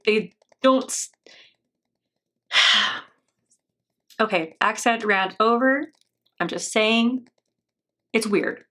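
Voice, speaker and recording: A woman's voice: a little high, a bit bright. An American woman hosting a reaction video, rambling and laughing often, with a sarcastic edge. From United States. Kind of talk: casual commentary.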